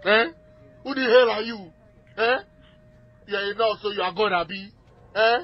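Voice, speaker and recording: A man's voice: high voice, normal speed, breathy edge. A man with a Nigerian accent, furious and repeating himself on an emergency call. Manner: agitated, shouting, repeating himself. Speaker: caller. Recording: muffled archival emergency call audio.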